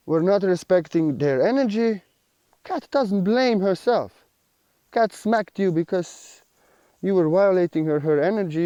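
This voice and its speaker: Mellow-voiced man giving spiritual teaching. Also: high-pitched, no room sound, dull audio. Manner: repetitive, earnest, slightly unidiomatic phrasing.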